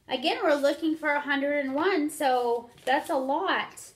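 Slow, high-voiced woman reading to kids. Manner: interactive, asks children to count along. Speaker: storyteller for children. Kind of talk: reading a picture book aloud to children.

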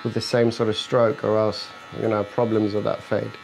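Over buzzing electric clippers in an indoor barbershop, a man cutting hair keeps up a quick, flat, gravelly commentary in a lowish voice. He walks his client through the cut in a relaxed, instructive way and cracks jokes, though the audio is poor with slight background noise.

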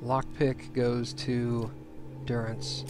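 A man's voice: medium pitch, drawn-out words. A man streaming a fantasy role-playing game, chatting casually, laughing and gushing over cute finds. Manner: excitable, laughs often, squeals over cute things. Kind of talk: casual gameplay commentary. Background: game music.

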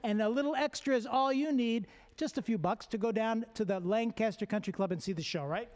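A man hosting a game show with a jokey, energetic delivery and frequent sponsor plugs. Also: high-pitched, brisk, in a large hall.

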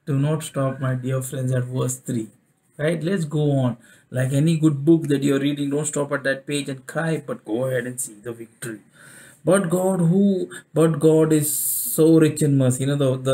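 A man's voice: mid-range voice, fairly even intonation, moderate pace, mellow. A middle-aged man preaching a sermon, repeating phrases for emphasis and asking the listeners questions.

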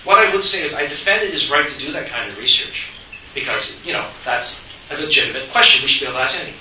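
A middle-aged man, a panelist at a university forum, talking in an animated, joking, conversational way. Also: medium pitch, quick pace, distant mic. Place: university lecture hall. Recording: echoey hall from afar, faint hiss.

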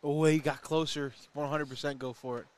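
A man's voice: fairly high pitch, fairly even intonation, darkish tone, clear, resonant tone. A man doing casual, joking commentary on a cornhole match while he has the hiccups. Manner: chatty, joking, quick asides about the play. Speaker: play-by-play commentator.

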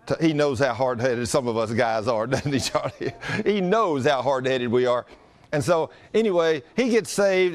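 A pastor telling a story in a sermon, folksy, animated and often chuckling. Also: male voice, mid-range voice.

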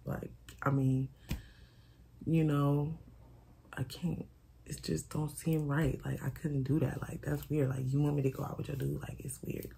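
Gravelly woman telling a candid storytime. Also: sits low, little pitch movement, measured pace, mellow, a little hiss or hum. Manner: candid, swearing, repeats herself, quotes friends dramatically. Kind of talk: casual storytime vlog.

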